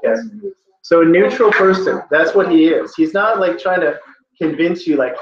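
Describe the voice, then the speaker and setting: A man's voice: on the high side, normal speed, slight background noise. A man teaching a test-prep class, talking casually and with energy and often saying "like". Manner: casual, animated, lots of "like". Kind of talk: classroom lesson. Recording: echoey classroom, dull lo-fi sound.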